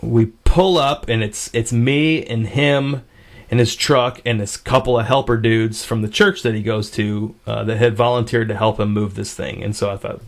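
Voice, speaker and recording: A man's voice: mid-range voice, normal speed. A man hosting a podcast, telling a story in a casual way, swearing freely and filling gaps with "uh" and restarts. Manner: profane, rambling with fillers and restarts. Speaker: podcast host.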